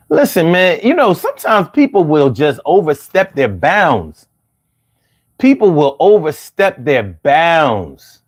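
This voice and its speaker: A man with a Philadelphia accent hosting a casual live stream, talking loosely and drawing his words out when he jokes. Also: a little high. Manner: loose and animated, drawls words out when joking.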